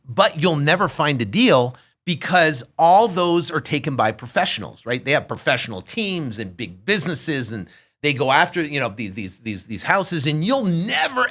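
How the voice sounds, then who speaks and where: Lively storytelling man with a bright voice. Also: fairly high pitch. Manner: animated, acts out voices in his stories. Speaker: podcast guest. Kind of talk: casual storytelling.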